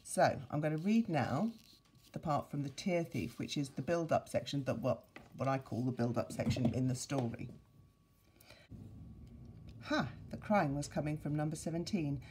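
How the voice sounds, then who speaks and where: A woman teacher reading a story aloud to her pupils, expressive and playful with sound effects and asides. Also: low-pitched, normal speed, slight background noise. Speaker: primary school teacher.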